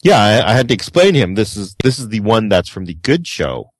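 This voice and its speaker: A man's voice: fairly low pitch, a little fast, no echo. A man co-hosting a casual podcast, telling stories with lots of acted-out voices and frequent swearing. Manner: animated storyteller, acts out quoted people, swears freely. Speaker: podcast co-host.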